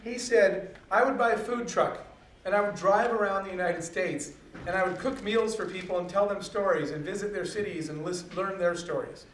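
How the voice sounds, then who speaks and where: A high-pitched man tells a motivational story to a live audience, acting out the quoted dialogue in it. His voice comes from some distance off the mic and rings around an echoey hall. A faint noise hums underneath. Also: steady tone, normal speed, fairly bright tone. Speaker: speaker.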